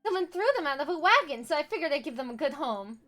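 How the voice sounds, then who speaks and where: A woman's voice: sits high, lively intonation, fast talker, pushed and bright, soft background music. A woman voicing a sweet, clumsy young woman who loves books. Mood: eager.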